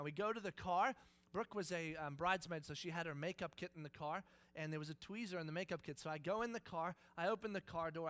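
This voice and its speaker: A man in his thirties preaching, telling a family story with lively acted-out voices and frequent laughs. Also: high voice. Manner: animated, acts out voices, laughs often. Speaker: pastor. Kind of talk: sermon storytelling.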